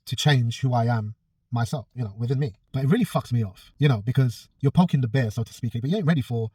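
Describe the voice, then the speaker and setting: A man's voice: mid-range voice, quick pace, a little mellow, breathy edge, dry recording, far from the mic. A man, a personal trainer telling a story in a casual vlog, blunt and swearing freely. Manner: blunt, swears a lot, acts out both sides of a quarrel.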